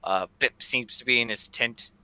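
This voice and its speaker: Casual male game master, bright voice, mid pitch. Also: fairly even intonation, normal speed, no echo, rough recording. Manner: casual, loose narration. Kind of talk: narrating a tabletop game.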